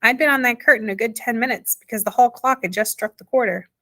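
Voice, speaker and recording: A woman reading the part of a small, homely father who explains things slowly in plain, ungrammatical speech. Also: on the high side, fairly bright tone. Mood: explaining. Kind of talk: audiobook character reading.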